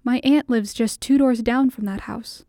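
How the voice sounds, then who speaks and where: Lady reading a nervous short bald guy asking a woman out, earnest and polite, warm voice, slightly high. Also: moderate pace, dry recording, clean studio sound, lightly acted. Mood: polite, eager. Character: shy middle-aged man, nervous suitor.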